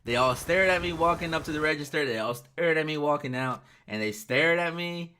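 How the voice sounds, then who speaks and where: A man's voice: fairly high pitch, a little fast, smooth. A young man from the United States chatting casually and telling personal stories over gameplay, acting out the lines people said. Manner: chatty, animated, acts out quoted lines. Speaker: gaming YouTuber.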